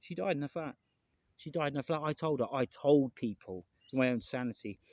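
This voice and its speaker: A man's voice: medium pitch, fairly quick, darkish tone, dry recording. A man talking to camera in a casual, rambling vlog, earnest and emotional, often repeating himself and swearing. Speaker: vlogger.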